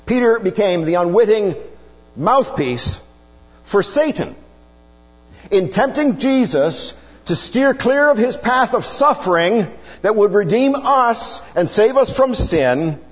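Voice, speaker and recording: A man's voice: high-pitched, very animated, slow pace. A man preaching a sermon, earnestly explaining scripture and posing rhetorical questions. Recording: dull lo-fi recording with long hall reverb.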